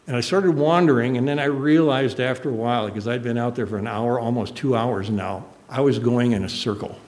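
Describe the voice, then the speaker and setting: A man's voice: medium pitch, fast, a little mellow. An older man preaching a sermon, telling a personal story in an earnest, emotional way. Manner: emotional, earnest, choked up at moments.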